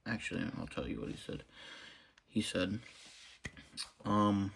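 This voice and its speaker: A young man quietly recounting a personal story, halting with many fillers and restarts. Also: low voice, vocal fry, husky. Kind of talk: storytelling monologue.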